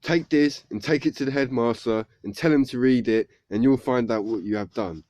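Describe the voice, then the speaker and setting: A man's voice: medium pitch, brisk, mellow, no echo, close to an everyday voice. A man doing a strict schoolteacher. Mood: stern. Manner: commanding. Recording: dull lo-fi recording.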